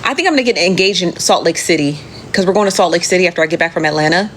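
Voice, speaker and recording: A woman with a low voice chats casually on a live show, answering comments and cursing freely. She laughs easily and calls her viewers "friend." A faint hiss sits under the recording. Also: very fast, a bit bright. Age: adult. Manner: chatty, profane, laughs often, talks straight to viewers as "friend". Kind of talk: casual chat.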